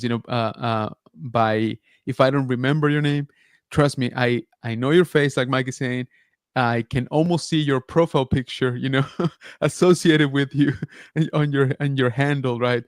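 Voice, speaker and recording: A podcast host, a man with a mid-range voice, runs a laid-back livestream where he wanders through stories, greets viewers and reads their chat messages aloud. He's chatty, leans on lots of fillers and speaks at a normal speed. The recording is close and dry, with no room sound or echo.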